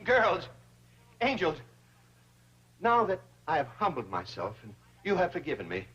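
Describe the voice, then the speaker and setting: An actor playing a fussy, greedy older banker who talks in a pompous, flowery, wheedling way. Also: male voice, on the high side, wildly swooping pitch, a little slow, a bit bright, slight background noise, heavily acted. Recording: dull old TV soundtrack.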